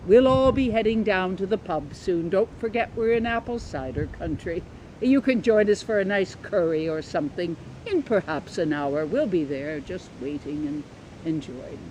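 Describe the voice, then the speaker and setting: A woman voicing a courteous English male tour guide with an English accent, soft and easygoing. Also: on the low side, lively intonation, normal speed, slight background noise, lightly acted, rough recording.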